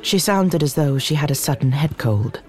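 A narrator reading scripted story narration in a measured way. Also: medium pitch, lively intonation.

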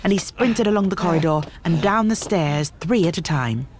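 Male audiobook narrator, measured. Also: sits high, a little hiss or hum. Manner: measured, expressive storytelling. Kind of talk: scripted narration.

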